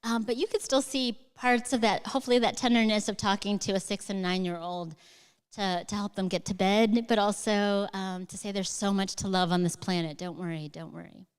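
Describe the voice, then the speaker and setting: A woman's voice: mid-range voice, steady tone, normal speed, clear, resonant tone. A middle-aged woman, a guest author talking onstage before a live audience, telling rambling, enthusiastic stories full of fillers. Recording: long hall reverb.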